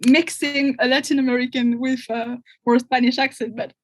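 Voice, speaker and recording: Her high voice shows little pitch movement and moves at normal speed. She is a French woman in her 20s, a podcast guest with a French accent, who laughs a lot in casual conversation and occasionally hunts for the right word.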